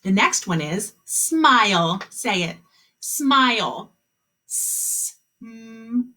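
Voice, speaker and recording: A kindergarten teacher leading a phonics lesson over a video call, her pace slow and patient as she draws out each sound. Her voice is bright with a husky edge, and it swoops lively up and down as she cheers the children on. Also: mid-range voice. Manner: slow, encouraging, stretches out word sounds.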